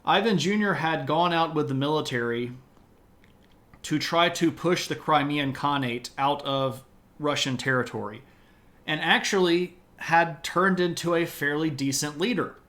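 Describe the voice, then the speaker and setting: A man's voice: on the high side, a bit bright. Wry casual man telling history. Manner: loose, conversational, wry asides. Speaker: history streamer. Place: home streaming setup.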